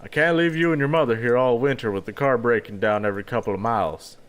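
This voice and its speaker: Man reading as a gentle tired farm father. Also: fast, smooth, close to an everyday voice. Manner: soft, kindly, low-key.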